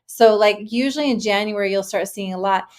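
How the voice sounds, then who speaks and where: A woman's voice: medium pitch, a little fast. Easygoing woman loan officer. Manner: easygoing, explaining things plainly with many likes. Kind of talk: casual live-stream chat.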